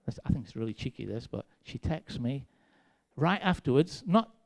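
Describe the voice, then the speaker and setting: Very animated and gravelly-voiced, an English-accented man from England preaches a sermon full of personal stories. His medium-pitched delivery moves at a moderate pace, conversational and self-deprecating with dry sarcasm.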